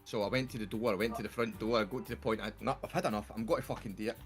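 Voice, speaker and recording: A man's voice: fairly low pitch, very fast, faint music behind. A Scottish man streaming a game, telling a rambling, swear-filled story to friends on a voice call. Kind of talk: casual chat on a voice call. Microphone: desktop mic on a voice chat.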